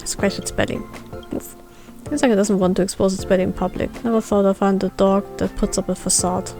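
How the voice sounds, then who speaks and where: A woman's voice: medium pitch, flat delivery, brisk, gravelly, dark tone, soft background music. A woman streamer, playfully reading game dialogue aloud as she plays and barking along for the dog. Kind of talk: reading game text aloud while playing.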